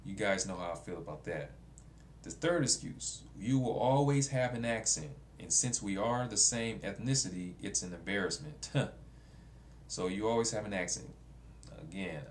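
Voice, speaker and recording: A man with a very low voice vlogs in a casual, blunt way and circles back to the same points. His speech carries features. Faint noise sits behind him. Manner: blunt, repetitive, conversational. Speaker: vlogger. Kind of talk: casual talk to camera.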